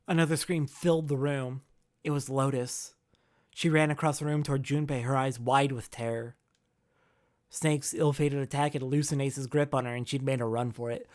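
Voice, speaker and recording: A let's play host reading a visual novel aloud, with animated, reactive commentary between passages. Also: medium pitch, a little fast, a little hiss or hum.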